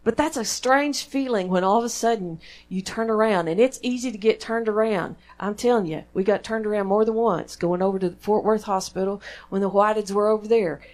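A woman's voice: mid-range voice, a little fast, few pauses, a little mellow. A woman with a Texan accent preaching a sermon in church, in a conversational, folksy way that draws the congregation in with questions. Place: church sanctuary.

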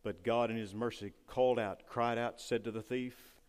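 A man preaching a sermon with fervor, rising loud and dropping to a hush. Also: medium pitch, steady tone, moderate pace, hardly any pauses, smooth. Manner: fervent preaching, swings between loud and hushed. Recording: long hall reverb.

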